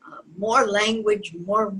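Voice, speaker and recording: A woman's voice: mid-range voice, little pitch movement, slow pace, a bit bright, rough recording. An older woman reading a picture book aloud to young children, sing-song and asking them questions along the way. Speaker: children's storyteller.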